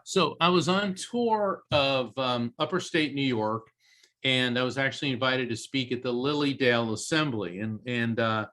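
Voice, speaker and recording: A man tells a story as a podcast guest, jumping between his own voice and the people he quotes. His voice is bright and forceful, in an ordinary middle pitch. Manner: lively anecdote-telling, acting out quoted voices. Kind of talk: animated storytelling in a podcast interview.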